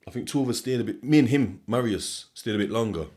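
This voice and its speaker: A man's voice: medium pitch, fast talker, darkish tone. A young man with a broad Sheffield accent rambles through a loose, casual monologue on his podcast. He swears freely, laughs often, and keeps circling back on himself mid-thought. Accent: Sheffield English. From England. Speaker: podcast host.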